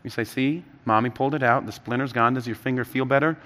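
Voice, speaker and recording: A man in his thirties preaching a sermon, telling stories with animated rises and dropping soft and low for earnest points. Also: quick pace, big-room sound. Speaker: pastor.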